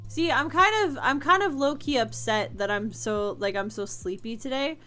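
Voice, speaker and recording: A woman's voice: high-pitched, moderate pace, fairly bright tone, faint music behind. A young woman streamer chatting casually with her chat from home, answering comments and laughing often.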